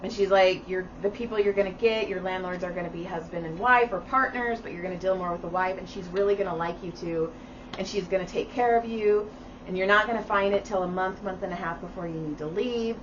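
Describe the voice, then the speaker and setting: A middle-aged woman co-hosting a podcast tells a story, swearing freely and throwing herself into the voices of the people she quotes. Her voice sits at an ordinary pitch for a woman. She is heard from a little way off the mic, on a dull recording with a steady hum of noise behind her. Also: fairly quick. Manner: animated, profane, acts out quoted voices. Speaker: podcast co-host. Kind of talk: casual storytelling chat. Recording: distant, dull sound with steady background noise.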